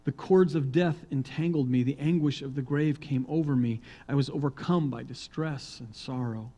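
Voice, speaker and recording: A male pastor preaching a sermon, reading psalms aloud and swinging between hushed, quiet reading and loud, emphatic proclaiming. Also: mid-range voice, normal speed, slightly rough, low-quality recording.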